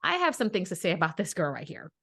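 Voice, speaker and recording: A woman's voice: lowish voice, fast talker. Blunt, opinionated woman podcast host. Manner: blunt, opinionated, animated storytelling. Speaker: mother. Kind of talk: casual chat.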